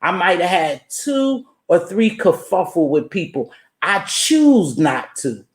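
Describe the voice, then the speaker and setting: A woman's voice: lowish voice, sing-song, slow. Emphatic woman livestreamer in an echoey room. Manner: emphatic and preachy, greets chat viewers mid-rant. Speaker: livestream host. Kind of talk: casual motivational livestream talk.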